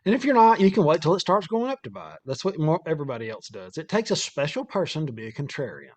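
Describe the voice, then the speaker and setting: A man's voice: fairly high pitch, sing-song, fast talker. A man hosting a casual chat, upbeat and promotional. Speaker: host.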